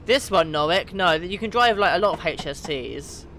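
A man from the UK chatting casually with his viewers during a live game stream, reading out their names and getting excited now and then. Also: high voice, normal speed, slight background noise. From United Kingdom. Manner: chatty, reads out chat names, bursts of excitement. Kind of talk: casual gaming livestream chat.

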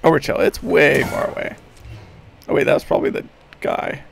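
A man streaming a horror game, swearing and talking excitedly to himself and the game. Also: a little high, normal speed, vocal fry, soft background music. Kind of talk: live gameplay commentary.

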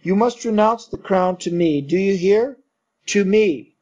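A man's voice: high-pitched, moderate pace. A man reading aloud and voicing a deranged young man who rants feverishly about claiming a crown. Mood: raving, furious. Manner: feverish, grandiose, shouting. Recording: dull lo-fi recording.

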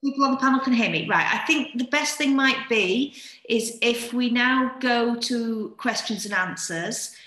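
Brisk woman host, echoey room. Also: a little high, pushed and bright. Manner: practical, brisk organizing talk. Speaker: event host. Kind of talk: hosting announcements.

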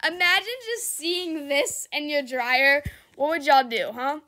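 A woman's voice: high voice, takes it slowly, bright, forceful tone. A young woman giving casual, giggly commentary on her gameplay, laughing often and shrieking for help. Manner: giggly, exclaims and shrieks, reads chat aloud. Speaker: gaming YouTuber.

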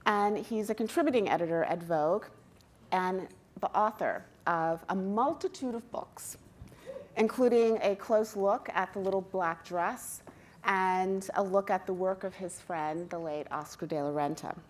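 A woman interviewer on stage introducing her guest and asking questions in a measured way, with small hesitations. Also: mid-range voice, darkish tone. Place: stage before a live audience.

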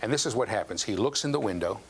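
Speaking quickly in a lowish voice, an older lecturer tells stories to his university class in a lecture hall and acts out the quotes. He frequently checks in by asking the class questions, and faint noise and hum can be heard.

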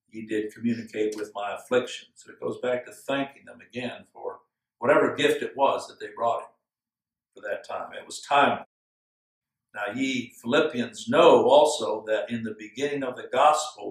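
A male pastor giving an earnest, measured sermon with slow, emphatic phrases. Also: mid-range voice. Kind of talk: expository sermon. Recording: echoey room, from far off.

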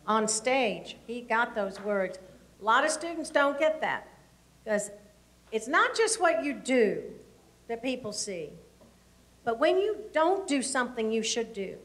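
A woman's voice: fairly high pitch, a bit bright. A woman presenting an anti-bullying seminar to elementary students, coaxing them with questions. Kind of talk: presenting to school children.

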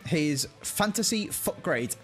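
A man's voice: on the high side, lively intonation, slow, fairly bright tone, faint music behind. A man, a guest on a football video game chat, teasing in a dry way. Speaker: guest player. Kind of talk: casual gaming chat.

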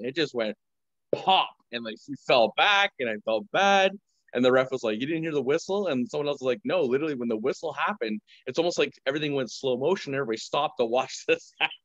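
A man's voice: mid-range voice, a bit bright, dry recording, dull audio. A man as a guest on a podcast, chatting casually and rambling with many fillers. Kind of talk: casual chat.

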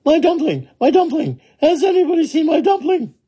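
A man's voice: high-pitched, sing-song, slow pace, mellow, slightly rough, voice pushed up, exaggerated voice. A man voicing a cheerful, giggly little old woman in a children's storybook, calling out shrilly. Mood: anxious calling.

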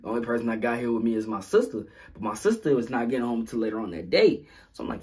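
A young man telling a story in a vlog, animated, acting out sounds and quotes. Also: mid-range voice, fast, husky. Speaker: vlogger.

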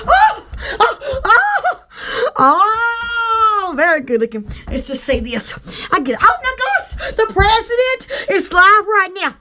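Woman, very high voice, bright and sharp, giggly, exclamatory, rambling casual chat. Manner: exclamatory, giggly, many oh-my-goshes. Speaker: online shop vlogger.

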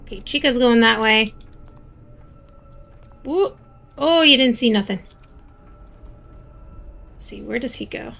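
A young woman commentating on her gameplay in a high, bright voice with a gravelly edge. She chats casually, makes jokey asides and is quick to be startled. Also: soft background music. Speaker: gaming channel host.

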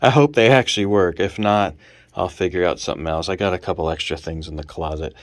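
Low-voiced winded man, dry room. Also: fast talker, no echo. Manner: rambling, counts items aloud. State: out of breath. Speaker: drummer vlogger. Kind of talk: casual show-and-tell.

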